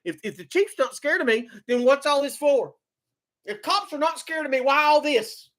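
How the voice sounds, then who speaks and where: A man's voice: extremely high pitch, expressive, normal speed, fairly bright tone. A man hosting a live stream, ranting angrily and swearing, often repeating and restarting his words. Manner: heated, profane, repeats himself. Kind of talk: angry live-stream rant.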